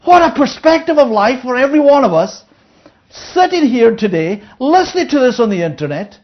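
A woman's voice: high voice, big pitch swings, normal speed, muffled recording. A woman Bible teacher giving a conversational sermon, reading verses aloud and explaining them, often checking in with her listeners. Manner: checks in with listeners, asking 'Yeah?'; reads scripture aloud, then explains it.

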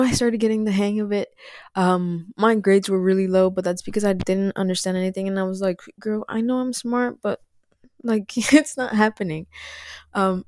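A woman whose first language is Spanish, chatting casually to her viewers in an animated way, with frequent laughs and fillers. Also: medium pitch, dry recording, clean studio sound. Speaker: vlogger. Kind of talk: casual chat to camera.

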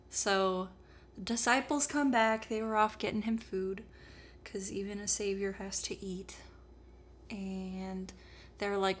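A woman's voice: mid-range voice, fairly even intonation, slow pace, a little hiss or hum. Chatty irreverent woman storyteller. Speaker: podcast host. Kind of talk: casual comedic storytelling.

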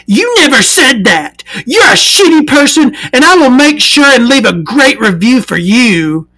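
A woman voicing an entitled, irate middle-aged woman buyer who talks in a shrill, accusing way. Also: big pitch swings, measured pace, fairly bright tone, exaggerated voice. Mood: outraged.

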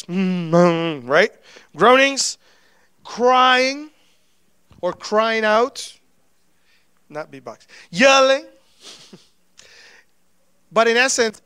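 A young man preaching a sermon in an animated way, acting out sounds and quotes for his listeners. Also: sits high, no echo, studio quality. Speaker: pastor.

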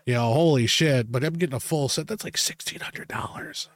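A man's voice: medium pitch, a little fast, no echo. Podcast host, male, crude rant-style storyteller with frequent laughs; dry, close recording. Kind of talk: casual chat.

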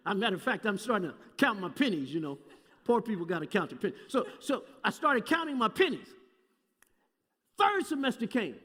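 A man telling a folksy, animated sermon story to a live audience, calling out to people by name. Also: sits high, brisk. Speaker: guest preacher. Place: large hall with live audience. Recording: distant echoey hall recording.

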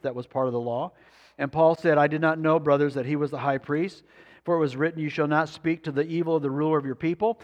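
A man with a fairly high voice preaches a sermon, reads scripture and puts rhetorical questions to his listeners. His voice rings out with a long reverb from a church sanctuary. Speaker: pastor.

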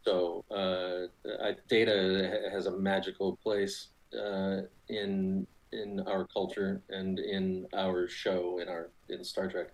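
A man with a fairly low voice, a guest on a fan podcast. He answers in a halting, thoughtful way with a wry edge, and pauses with fillers. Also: level tone, low-quality recording. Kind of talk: casual chat.

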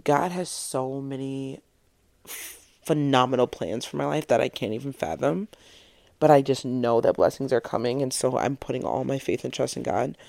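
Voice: medium pitch, normal speed, gravelly, a little mellow, no echo. A speaker in their twenties giving a casual, encouraging monologue as a vlogger, earnest and reflective, often laughing at their own points. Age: 20s.

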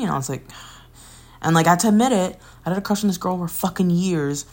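A woman's voice: low voice, normal speed. A woman in her twenties hosting a podcast, telling a candid, rambling personal story into a phone with sighs, laughs and curses. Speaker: podcast host.

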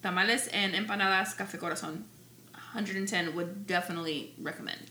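A woman's voice: mid-range voice, brisk, pushed and bright, roomy sound, slight background noise. A woman co-hosting a casual podcast chat, blunt and emphatic, slightly slurring her words from wine. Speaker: podcast co-host.

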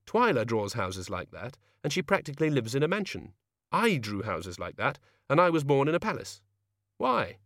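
A man voicing a stern, impatient young woman governess who talks in a brisk, matter-of-fact way. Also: medium pitch, big pitch swings, fairly bright tone, no room sound, clean studio sound. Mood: puzzled.

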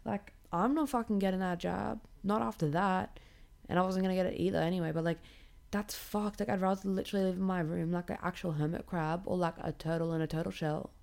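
A woman's voice: fairly low pitch, fairly quick, creaky. A young woman hosting a podcast, ranting casually with lots of swearing, filler "like"s and sarcasm. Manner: swears a lot, many likes, animated and sarcastic. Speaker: podcast host.

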